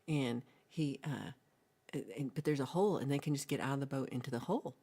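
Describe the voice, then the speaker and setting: Low, mellow woman telling a rambling story. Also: a little fast, slightly rough. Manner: rambling, playful storytelling with asides. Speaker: livestream host. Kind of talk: casual chat, retelling a film.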